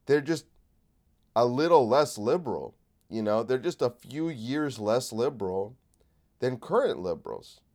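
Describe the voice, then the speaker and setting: A man's voice: mid-range voice, animated, measured pace, darkish tone. A man hosting a solo comedy podcast while sick, rambling and swearing in a sardonic rant. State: sick with a cold. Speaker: podcast host.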